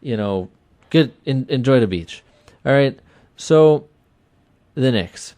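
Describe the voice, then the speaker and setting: A man in his thirties hosting a sports talk radio show, chatty and energetic, repeating himself for emphasis. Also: medium pitch, takes it slowly, dry recording, clean studio sound. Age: 30s. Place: small web radio studio.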